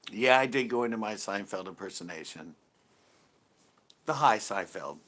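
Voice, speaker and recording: A man's voice: on the low side, animated, normal speed, long pauses, fairly bright tone. A man co-hosting a live stream, rambling and laughing through casual jokey chat.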